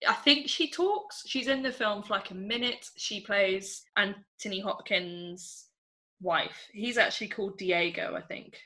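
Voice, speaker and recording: A woman's voice: mid-range voice, unhurried, pushed and bright. An English woman co-hosting a podcast, chatting casually about a film and laughing often. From England. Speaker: podcast co-host.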